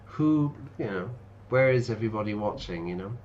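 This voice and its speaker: Talkative teacher-streamer man, lowish voice, dull lo-fi audio. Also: expressive, fairly quick, a little mellow, a little hiss or hum. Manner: chatty, explains words and reads game text aloud. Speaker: English teacher streaming a game. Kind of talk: casual let's-play commentary.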